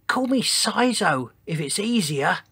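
A gentle giant of a storybook dinosaur, put on by a man reading aloud, who talks in a tiny, high, breathy whisper. His soft words come slowly and timidly. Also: sing-song, no room sound, exaggerated voice. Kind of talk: storybook voice acting.

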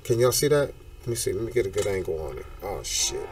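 Animated slangy male talk show host. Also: deep voice, quick pace, far from the mic, a little hiss or hum. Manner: animated, slangy, hype catchphrases. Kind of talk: casual talk show chat.

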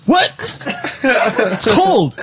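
A man's voice: extremely high pitch, sing-song, drawn-out words, loud music behind the voice, heavily acted. A man voicing a cranky, mumbling grown man who blurts out confused replies.

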